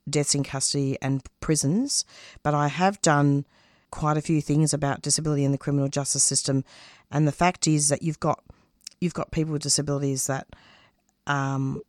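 A woman's voice: low-pitched, steady tone, normal speed, no room sound, clean studio sound. A woman from Australia, a radio producer and host, talking in an interview, earnest and passionate, often restarting her sentences. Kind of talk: casual interview talk.

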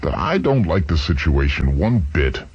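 A man's voice: a bass voice, big pitch swings, moderate pace, darkish tone, slightly rough, no room sound, heavily acted. A man voicing an anxious young male engineer who speaks urgently, in a dull lo-fi recording. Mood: uneasy. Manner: urgent, worried.

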